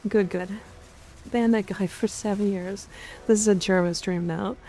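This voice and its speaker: A woman streamer chatting casually while gaming, crude and excitable, swearing freely. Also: mid-range voice, measured pace.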